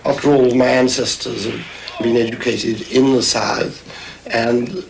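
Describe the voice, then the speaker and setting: A man with an upper-class English accent, answering interview questions in a relaxed, slightly hesitant way. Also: medium pitch, unhurried, vocal fry, low-quality recording.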